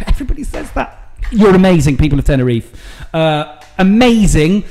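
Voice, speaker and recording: Playful high-voiced man hosting. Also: sing-song, moderate pace, darkish tone. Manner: playful, laughs often, teasing. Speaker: podcast host. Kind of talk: casual quick-fire interview.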